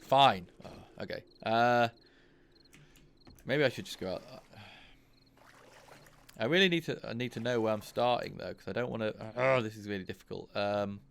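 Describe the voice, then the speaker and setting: Male let's-play host, low and gravelly, casual thinking-aloud commentary with bursts of cursing. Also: normal speed, pauses often, a bit bright. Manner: thinks aloud, grows frustrated and swears. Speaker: gaming channel host.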